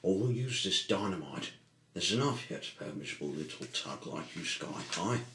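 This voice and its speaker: A man's voice: sits low, animated, moderate pace, bright, forceful tone, slight background noise, heavily acted. A man voicing menacing, sneering male diesel engines who kidnap a tugboat in a storybook reading. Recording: echoey room.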